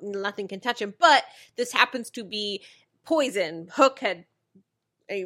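A woman's voice: medium pitch, a bit bright. A woman co-hosting a casual podcast, recapping a TV episode in a chatty way, often restarting her sentences and laughing as she talks. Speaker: podcast co-host.

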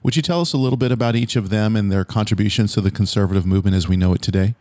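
A man from California hosting an interview and asking questions with deliberate, formal phrasing. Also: on the low side, warm tone, dry recording. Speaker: podcast host.

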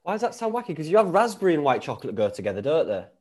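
A man's voice: on the high side, sing-song, very fast. A man hosting a podcast, bantering casually over a video call. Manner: banterous, joking, swears casually. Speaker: podcast host.

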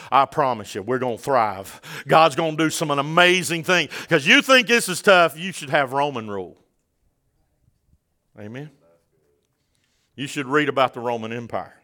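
A man's voice: medium pitch, moderate pace, pushed and bright. A male pastor, preaching a sermon and calling out to his congregation, building in force as he goes. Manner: calls out to the congregation.

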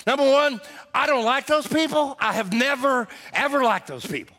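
A man voicing a stubborn, grumpy husband who shouts and whines, in a sermon joke. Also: high voice, lively intonation, a little slow, creaky, heavily acted. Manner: shouting, whiny.

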